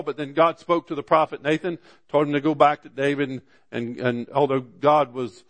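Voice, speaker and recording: Man preaching with slow stressed quotes. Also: on the high side, steady tone, fairly bright tone. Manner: preacher with frequent "amen" and rhetorical questions; slows down to stress scripture quotes. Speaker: pastor. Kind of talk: sermon.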